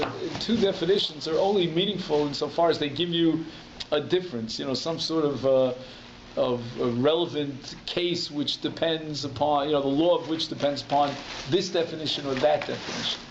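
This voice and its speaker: A man's voice: a little high, echoey room, muffled recording, noisy background. A man, a rabbi giving a conversational Talmud class, explaining step by step and restating each term in plain English. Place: community synagogue hall.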